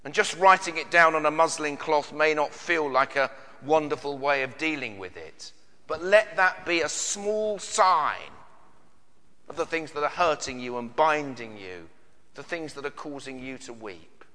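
A man's voice: fairly high pitch, expressive, measured pace, pushed and bright, long reverb tail. A British man preaching a sermon in an earnest way, with many searching questions and frequent repeated words. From Britain. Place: church.

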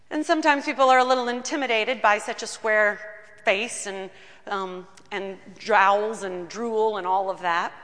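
Bright-voiced woman pastor preaching. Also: medium pitch, in a large hall. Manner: storytelling, personal and earnest. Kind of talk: sermon. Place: church.

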